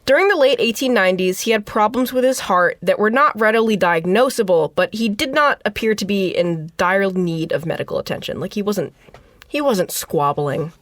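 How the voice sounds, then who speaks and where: A woman's voice: mid-range voice, moderate pace, no echo. Brief: young woman, podcast co-host, reads prepared notes steadily, dry close sound. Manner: reads informative passages steadily, with chatty asides. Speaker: podcast co-host presenting research. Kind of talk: casual podcast chat, reading prepared notes.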